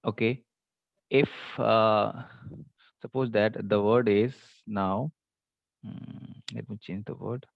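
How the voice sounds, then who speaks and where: A man's voice: on the low side, fairly even intonation, slow pace, creaky, pauses often, dry recording, muffled recording. A man teaching an online English class, explaining patiently with many fillers. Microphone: computer mic on video call.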